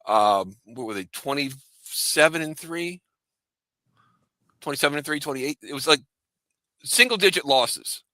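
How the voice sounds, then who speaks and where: A man's voice: a little high, expressive, unhurried, long pauses, pushed and bright, dry recording. A man on a sports talk panel, joking and teasing the others as he talks. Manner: wisecracking, teasing.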